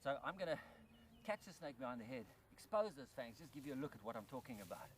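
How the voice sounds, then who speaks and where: A man presenting a wildlife documentary outdoors in rice fields, animated and excited, dropping to a hushed voice near the animal. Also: mid-range voice, quick pace, a little hiss or hum.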